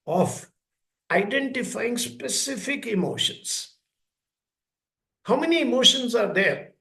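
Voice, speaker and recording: A man giving a talk at a school, speaking slowly and deliberately and acting out short dialogues between a parent and a child. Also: sits high, gravelly. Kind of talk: lecture with plain everyday examples. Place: school hall. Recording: echoey room.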